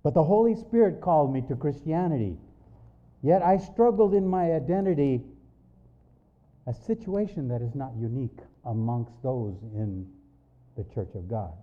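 A man giving a spoken religious testimony, slow and measured, his voice swinging up and down with emotion. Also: medium pitch, expressive. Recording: dull lo-fi recording.

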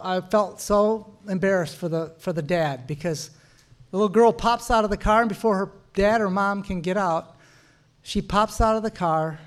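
A middle-aged man teaching about marriage in a sermon-like talk, telling stories and breaking into quick laughs and punchy asides. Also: high-pitched.

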